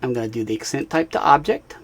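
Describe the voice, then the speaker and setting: A man narrating a software tutorial screencast, talking casually as he clicks through steps and checking in with the viewer. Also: medium pitch, expressive, quick pace, creaky. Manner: casual, talks while clicking, frequent "all right" and "right?". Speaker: instructor.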